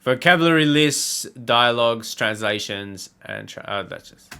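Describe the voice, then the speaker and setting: A man's voice: mid-range voice, animated, normal speed, creaky, bright, forceful tone, clean tone. A man hosting a reaction video with casual, loosely rambling commentary.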